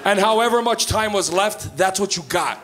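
A man in his thirties from Canada doing a stand-up comedy set in a club, telling stories in a profane, animated way. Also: high voice, normal speed. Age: 30s. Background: live audience laughter.

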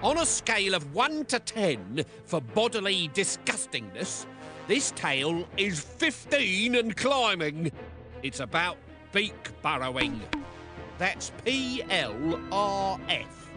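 Male narrator, gleeful, theatrical, slow and swooping, high voice, music behind. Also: big pitch swings. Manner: gleeful, theatrical, relishing the gross details.

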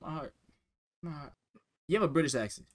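Fast-talking joking man on video chat. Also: fairly high pitch. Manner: fast, joking, teasing, drops to mumbles. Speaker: vlog host chatting with strangers on a video chat app.

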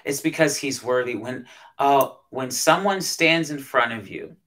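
A man, a pastor, telling a personal story as a guest in an interview, animated and emotional, with frequent restarts. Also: mid-range voice, unhurried. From United States.

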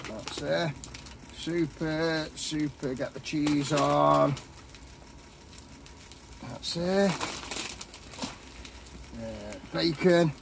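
Man, casual outdoor chat, slow talker, faint background noise. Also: a little high, gravelly. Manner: chatty, matey, rambling. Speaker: vlogger. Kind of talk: casual chat while cooking. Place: campsite, outdoors.

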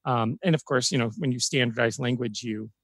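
A man's voice: mid-range voice, brisk, no echo. Talkative man from Florida, dry sound. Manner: talkative, animated storytelling. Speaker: podcast guest. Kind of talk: casual chat.

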